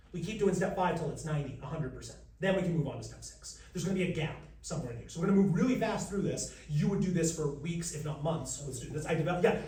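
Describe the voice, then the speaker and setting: American guy running a singing workshop, high voice, jokes around, sounds far off in a big room. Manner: joking, animated demonstrator, sings pitches and animal sounds. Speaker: vocal coach leading a workshop demo. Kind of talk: live workshop teaching. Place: large room with an audience. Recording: roomy, distant mic, faint noise.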